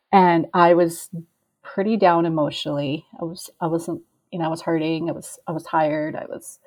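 A woman's voice: on the low side, darkish tone. Earnest woman telling a personal story. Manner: earnest, reflective, loosely rambling. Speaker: ultra trail runner telling her story.

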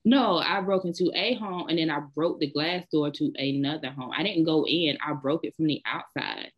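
A woman's voice: deep voice, normal speed, muffled recording. A woman with a Southern US accent, co-hosting a casual chat and telling bold, blunt stories. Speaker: podcast co-host.

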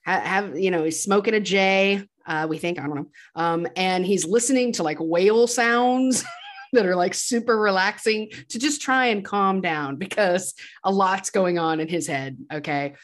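A woman's voice: medium pitch, normal speed. A woman retelling a film plot in casual chat, quoting characters and laughing now and then. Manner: chatty retelling with quoted lines and laughs. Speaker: podcast co-host.

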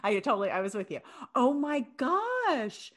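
A woman's voice: high voice, sing-song, normal speed. A woman co-hosting a casual chat, reacting with gasps and exclamations as she listens. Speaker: podcast co-host listening.

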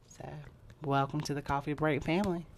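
A woman's voice: sits low, fairly even intonation, fairly quick, a little mellow, a little hiss or hum. A woman co-hosting a podcast in casual chat, chatty and laughing often, trailing off with fillers. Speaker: podcast co-host.

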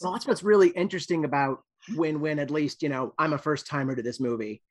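A man's voice: on the high side, fast talker. A man co-hosting a podcast, joking and throwing in quips during a casual interview. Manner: jokey, quips and bits. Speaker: podcast co-host.

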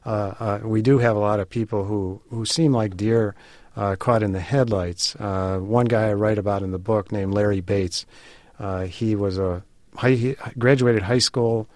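A man being interviewed on radio as an author, speaking in a measured way with frequent fillers. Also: fairly low pitch, fairly even intonation, darkish tone, dry recording. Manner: measured, hesitant with many fillers. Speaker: author and guest.

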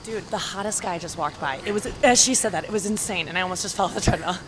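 Excitable woman host on a treadmill. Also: on the low side, fast, background noise. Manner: blunt and excitable. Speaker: podcast host. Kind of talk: casual chat. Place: gym, on a treadmill.

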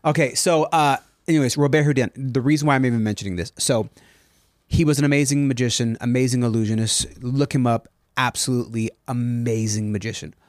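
A man in a podcast chat who tells stories with eager enthusiasm and drifts into tangents. His voice sits at an everyday middle pitch. The sound is dry and close, with no room echo. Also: steady tone, fairly quick. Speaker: podcast co-host. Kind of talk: casual chat, storytelling.

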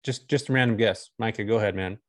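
A man's voice: on the low side, fast talker. Chatty Northern Californian man telling stories. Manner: chatty storyteller, laughs easily. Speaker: guest. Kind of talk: casual podcast interview.

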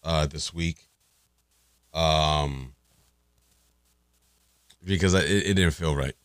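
Very deep, slow-talking man. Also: smooth, no room sound, clean studio sound. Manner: earnest, halting, repeats words. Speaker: podcast host. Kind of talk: solo podcast sign-off.

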